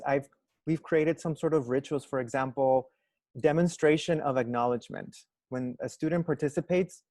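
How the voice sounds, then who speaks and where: A man's voice: mid-range voice, a little mellow, no echo. A man, a teacher, speaking earnestly in an online panel discussion. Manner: earnest, explanatory.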